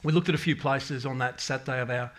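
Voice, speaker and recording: A middle-aged man sharing a personal faith testimony with his congregation. He rambles candidly, doubling back on his words, and his pitch sits in an ordinary middle range for a man. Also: fairly even intonation, fast talker. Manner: rambling, candid storytelling with many restarts and self-quotes. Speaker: parish member giving a testimony.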